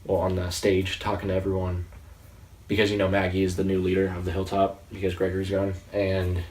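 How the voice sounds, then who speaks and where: A man in his late teens giving a casual, excitable, rambling review of a TV episode. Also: deep voice, brisk, slight background noise. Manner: excitable, rambling, with frequent restarts. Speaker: movie reviewer. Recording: roomy sound, distant from the mic.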